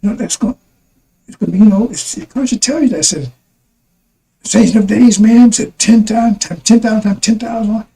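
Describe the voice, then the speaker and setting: A man with a high-pitched but dark, mellow voice delivers a rambling broadcast sermon. He talks emphatically, stumbling over and repeating words as he presses his point to his listeners. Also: fast, rough recording. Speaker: preacher.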